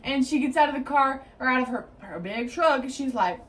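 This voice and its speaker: High-voiced young woman, casual storyteller. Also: lively intonation, brisk, fairly bright tone. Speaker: co-host. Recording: mic at a distance, faint background hiss.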